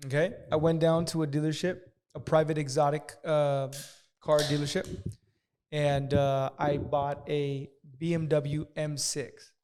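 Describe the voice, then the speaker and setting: A man casually telling a profane story as a podcast guest, talking fast and acting out the people in it. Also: fairly high pitch, little pitch movement, darkish tone, clear, resonant tone. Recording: long hall reverb.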